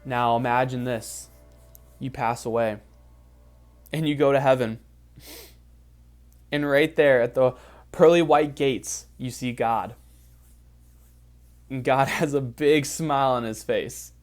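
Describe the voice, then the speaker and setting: Motivational speaker, male, mid-range voice: emphatic, repetitive visualization talk over soft music. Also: medium pitch, slow, pauses often. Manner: emphatic, repetitive, building to excited peaks. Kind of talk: guided visualization speech. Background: faint background music.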